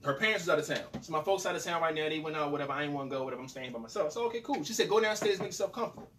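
A young man with a high-set voice spins a profane, animated story, doing every line of dialogue himself. He sits away from the microphone, and faint noise runs under the recording. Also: very fast. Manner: profane, animated, acts out both sides of dialogue. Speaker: podcast host. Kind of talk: casual storytelling. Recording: distant mic with faint noise.

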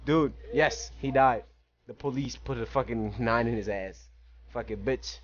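A young man giving loud, profane live commentary while playing a game, shouting at what happens on screen. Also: medium pitch, measured pace. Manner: excitable, profane, yells at the game. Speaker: gaming channel host. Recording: lo-fi home recording.

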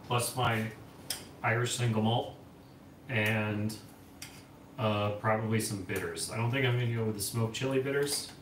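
A chatty, enthusiastic man talks in a rambling way while mixing drinks in a home kitchen. His voice sits at a middle pitch, and the room is echoey, with cutlery and dishes clinking around him. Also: noisy background. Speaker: cooking vlog host. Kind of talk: casual chat.

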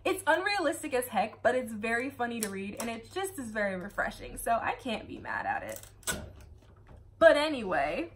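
A woman's voice: on the high side, huge pitch swings, unhurried, slight background noise. Chatty sarcastic woman book reviewer. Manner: chatty, sarcastic asides, frequent laughter. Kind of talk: casual book review chat.

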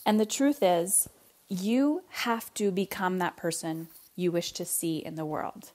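A middle-aged woman from Canada hosting a parenting podcast, telling a story in a casual, animated way and acting out her family's lines. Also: lowish voice, unhurried. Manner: animated, acts out family voices, casual swearing.

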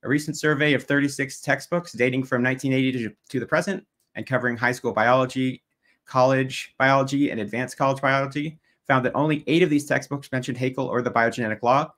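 A man's voice: mid-range voice, steady tone, fast talker, fairly bright tone. A man giving a debate opening statement over slides, methodical and pointed, at times mocking his opponent.

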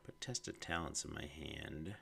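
A very deep man with a gravelly, fry-laden voice, sounding nasal and congested with audible heavy breathing. He mutters his way through a card game, thinking aloud in casual commentary. A faint hiss of background noise sits under him. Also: normal speed, bright, forceful tone. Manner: muttering thoughts while playing. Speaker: gameplay streamer.

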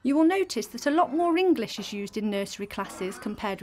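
A woman calmly narrating an explanatory voice-over about nursery teaching. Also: a little high, brisk, hardly any pauses. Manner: calm, explanatory. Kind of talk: scripted narration.

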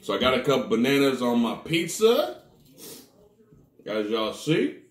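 A man's voice: mid-range voice, very animated, measured pace. A man reviewing odd food combos for his viewers, groaning and complaining theatrically at every taste. His voice swings widely up and down. The sound bounces around a roomy, echoey space. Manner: dramatic, groaning reactions to the taste; talks straight to viewers as "people". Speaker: snack review vlogger. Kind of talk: casual food-tasting vlog talk.

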